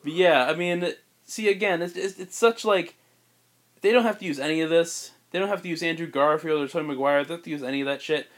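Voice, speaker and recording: A man hosting a podcast, casually pitching a film plot in a rambling way, full of "like" and restarts. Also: quick pace. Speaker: podcast host.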